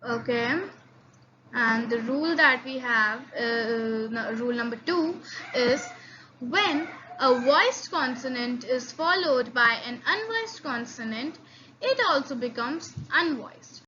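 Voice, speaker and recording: High-voiced woman teaching a lesson. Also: lively intonation, sharp tone. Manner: halting, many fillers and repeats; slow drilled repetitions of sounds. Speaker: language teacher. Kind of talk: online language lesson. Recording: slightly dull lo-fi audio with faint noise.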